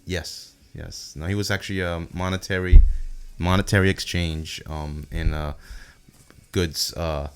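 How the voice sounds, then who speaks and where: A man's voice: sits low, fairly even intonation, unhurried, clean tone. A man, a guest trading dry jokes in casual chat. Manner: dry joker, laughs often. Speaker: real estate agent.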